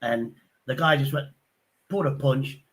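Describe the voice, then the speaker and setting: A man hosting a casual chat, telling rough pub stories bluntly and acting out the voices of the people in them. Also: mid-range voice, normal speed, fairly bright tone. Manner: blunt, sweary, acts out quoted voices.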